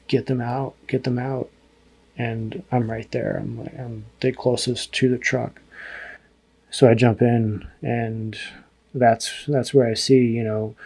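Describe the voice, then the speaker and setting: Gravelly, halting American man recounting. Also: mid-range voice, darkish tone. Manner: halting, restarts often, sober and heavy. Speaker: podcast guest, former army intelligence analyst. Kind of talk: reflective interview recollection.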